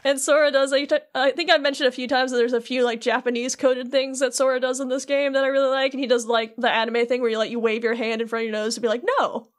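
High-voiced woman recapping a game. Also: quick pace, few pauses. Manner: animated storyteller who acts out scenes. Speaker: podcast co-host. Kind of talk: casual chat.

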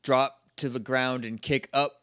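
A man's voice: mid-range voice, flat delivery, a little slow, fairly bright tone, dry recording, clean studio sound. A man co-hosting a podcast, chatting casually and playfully about an episode and laughing often. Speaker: podcast co-host. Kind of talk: casual chat recapping an episode.

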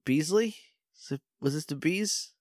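A man co-hosting a podcast in casual chat, animated and laughing. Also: moderate pace, dry recording, studio quality. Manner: animated, laughing, mimics characters in a low mumble. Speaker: podcast co-host.

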